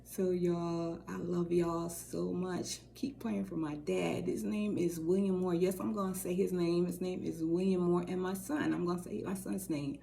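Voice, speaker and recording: A middle-aged woman talks casually to her viewers in a lowish, mellow voice. She rambles warmly and repeats her phrases. Faint noise sits behind the recording. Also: flat delivery, normal speed, creaky, hardly any pauses. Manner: warm, rambling, repeats phrases, says y'all. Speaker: co-host of a faith channel. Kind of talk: casual direct-to-camera talk.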